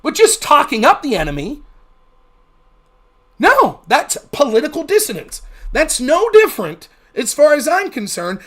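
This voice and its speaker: A man hosting a livestream, giving heated, sarcastic, profane political commentary. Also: very high-pitched. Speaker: livestream host.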